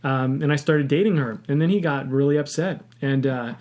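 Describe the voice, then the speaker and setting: A man's voice: mid-range voice, fairly quick. A man co-hosting a casual podcast, telling stories animatedly and acting out what others said. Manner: animated storytelling, acts out quoted dialogue. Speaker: podcast co-host.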